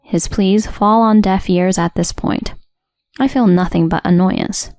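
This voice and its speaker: A woman narrating a first-person story in a cold, steady, matter-of-fact way. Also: medium pitch, a little slow, dry recording. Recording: dry studio voice-over with soft music.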